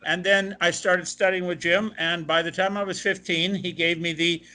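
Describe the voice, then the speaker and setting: An older man from Ohio is telling stories in an interview. His voice is bright and sits a little high for a man. He talks in long anecdotes and quotes the people he met along the way. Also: normal speed. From Ohio, USA. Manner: animated anecdotal, quoting others. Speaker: guest, opera tenor. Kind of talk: interview storytelling.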